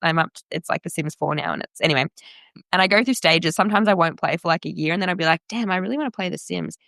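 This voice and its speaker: A young Australian woman talks candidly as a podcast guest, her voice low-pitched with a gravelly fry. The sound is dry and close, with little room echo. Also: a bit bright. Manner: chatty and candid, quick asides and laughs. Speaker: radio presenter and podcast guest. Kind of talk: casual interview chat.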